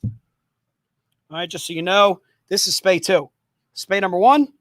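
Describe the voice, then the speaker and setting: A man's voice: high voice, slow pace, a bit bright, no echo. A man hosting a livestream sale of comic books, repeating prices and codes in an upbeat, joking manner. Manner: upbeat, repetitive hawking, joking asides. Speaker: host selling comic books. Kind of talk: livestream sales pitch.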